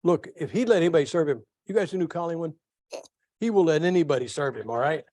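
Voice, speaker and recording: A middle-aged male pastor preaching a sermon, telling folksy stories with lively asides to his congregation. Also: a little high, fast talker, no room sound. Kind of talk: sermon with storytelling.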